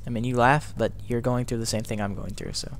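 A man's voice: medium pitch, fairly even intonation, fast talker, slight background noise. A man on a gaming headset doing co-op game commentary, panicky and shrieking with nervous laughter. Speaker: gamer playing co-op.

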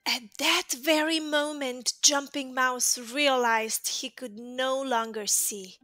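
Slow, bright-voiced woman telling a bedtime story. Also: high voice. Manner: calm, soothing. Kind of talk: bedtime story read-aloud.

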